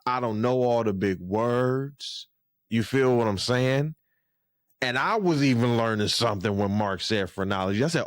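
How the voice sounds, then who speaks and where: A man giving casual, profane podcast commentary, animated, with his voice jumping high when he gets worked up. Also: moderate pace, no echo, studio quality.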